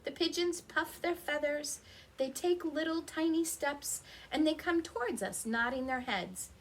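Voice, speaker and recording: A woman's voice: high voice, unhurried, a little hiss or hum. A woman reading a picture book aloud to young children at home, stopping to ask them questions and imitate animal sounds. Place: her home.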